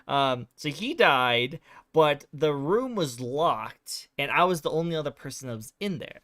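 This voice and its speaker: A man's voice: on the high side, animated, unhurried, bright, forceful tone, no echo, clean studio sound. A male streamer casually recapping a game's story, rambling with lots of fillers. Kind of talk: casual game recap chat.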